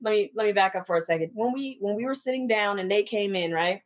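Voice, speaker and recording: A woman's voice: medium pitch, fast talker. A woman co-hosting a podcast, telling a story in casual chat and acting out quotes with a lot of energy. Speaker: podcast co-host.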